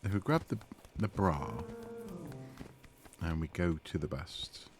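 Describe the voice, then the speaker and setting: A man casually commenting on his own gameplay as he streams, excitable and talking to the characters on screen. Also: low-pitched, slow pace, noisy background. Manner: excitable, talks to the game characters.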